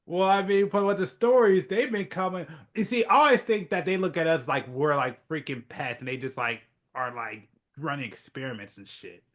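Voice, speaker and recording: A man's voice: on the high side, normal speed, few pauses. A man co-hosting a podcast in casual chat, laughing often and reacting briefly. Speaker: podcast co-host.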